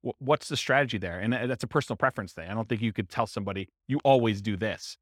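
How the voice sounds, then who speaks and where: Male instructor, rapid conversational delivery, rhetorical questions, dry recording. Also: fairly low pitch, a bit bright, dry recording. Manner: fast, conversational, thinks aloud with rhetorical questions. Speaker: real estate investing instructor. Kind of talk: live class Q&A answer.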